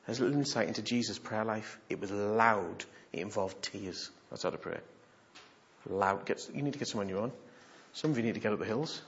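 A man preaching a sermon, animated and humorous, moving from hushed asides to loud exhortation. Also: on the low side, a little fast, gravelly, highs cut off.

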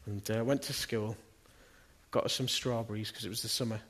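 Speaking from a church pulpit, a middle-aged pastor keeps asking his listeners questions as he preaches earnestly and conversationally. His lowish voice is fairly bright, with fairly even intonation and a fairly quick delivery.

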